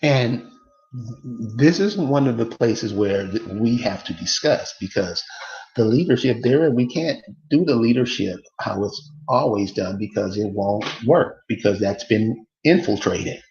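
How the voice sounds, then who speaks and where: A man's voice: fairly low pitch, expressive, unhurried, a little mellow, roomy sound, muffled recording. A man delivering a casual, emphatic monologue to his viewers, repeating rhetorical questions over and over. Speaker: online commentator.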